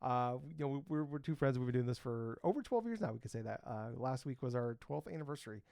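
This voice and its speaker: A man's voice: medium pitch, lively intonation, fast talker, gravelly, a little mellow, clear, resonant tone, no echo, clean studio sound. A man in his thirties co-hosting a casual gaming podcast, rambling with lots of fillers and the odd swear word. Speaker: podcast co-host. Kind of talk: casual chat.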